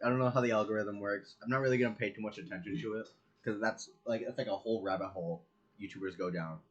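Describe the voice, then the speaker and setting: A man's voice: on the low side, fairly even intonation, fast talker, breathy edge, highs cut off. A man co-hosting a casual podcast, rambling and arguing with a laugh. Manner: rambling, argumentative, laughs a lot. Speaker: podcast co-host. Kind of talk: casual chat.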